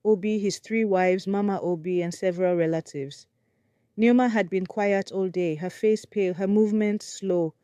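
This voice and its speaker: A woman's voice: medium pitch, normal speed, warm tone, smooth, no echo, studio quality. A woman storyteller narrating a dramatic folktale with suspense.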